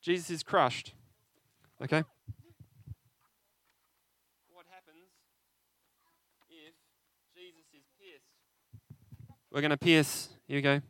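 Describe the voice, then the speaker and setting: Man preaching, conversational, asks the crowd questions, somewhat high voice, dry sound. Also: steady tone, a little slow, pauses often, fairly bright tone, clean tone, dry recording. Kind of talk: interactive sermon with props.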